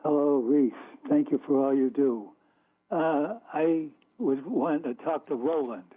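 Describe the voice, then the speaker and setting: Stammering caller on a tinny phone line. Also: male voice, fairly high pitch, a little slow. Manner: hesitant, stammering. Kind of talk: call-in phone chat.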